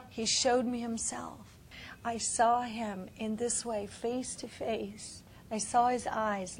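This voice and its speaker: Woman missionary, fairly high voice, emotional testimony; loud bursts dropping into whispers. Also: fairly even intonation, unhurried.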